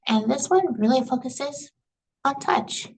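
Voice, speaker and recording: Woman with a gravelly voice, lecturing casually. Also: sits high, animated, unhurried, darkish tone, a little hiss or hum, low-quality recording. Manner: casual, conversational, many fillers like "you know" and "right". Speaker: instructor. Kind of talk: recorded lecture.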